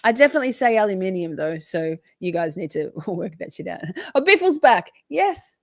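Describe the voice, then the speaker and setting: A woman's voice: medium pitch, big pitch swings, a little fast, creaky, no echo, clean studio sound. An Australian woman hosting a livestream, chatting casually and reading viewer comments aloud with frequent laughs. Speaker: livestream host.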